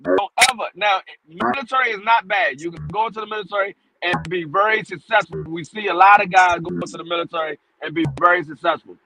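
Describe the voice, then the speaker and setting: High gravelly man, swears a lot, animated storyteller, noisy recording. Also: quick pace. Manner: profane, animated storytelling, pitch jumps when acting out his own alarm. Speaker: podcast guest. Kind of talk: casual storytelling.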